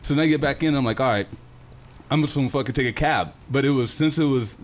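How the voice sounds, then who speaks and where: A young man telling a wild story in casual, profane, animated talk. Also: mid-range voice, fast talker. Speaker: guest telling a travel story.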